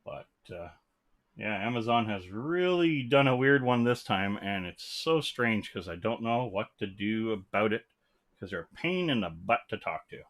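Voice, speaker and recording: A man's voice: fairly low pitch, expressive, moderate pace, fairly bright tone. A man hosting a live stream from his room, rambling casually and greeting viewers as they join. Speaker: livestream host. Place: home room. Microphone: desk mic.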